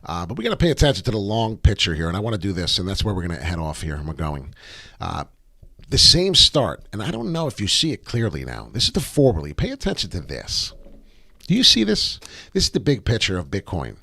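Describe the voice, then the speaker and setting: Man, live chart-analysis stream host, brash and profane, low voice that swings widely, dry close sound. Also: brisk, gravelly, slightly rough, dry recording. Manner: brash, profane, excitable, rambling. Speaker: crypto trading livestream host.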